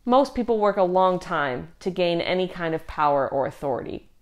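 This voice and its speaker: A woman's voice: fairly low pitch, lively intonation, moderate pace, lo-fi sound. A woman teaching a youth group in an earnest, conversational way, reading scripture aloud along the way.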